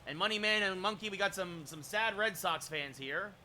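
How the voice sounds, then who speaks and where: Man, play-by-play streamer, high voice, very bright tone, talks back to chat, faint noise behind. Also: normal speed. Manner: chatty, replies to chat between plays; erupts into shouted home-run calls. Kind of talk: live-stream game commentary.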